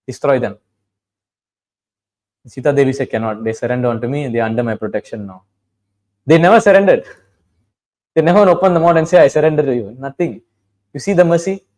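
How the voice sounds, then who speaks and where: A man's voice: mid-range voice, a little mellow. A man giving a conversational, storytelling sermon, quoting dialogue and chanting verses, often saying "you know". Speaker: preacher.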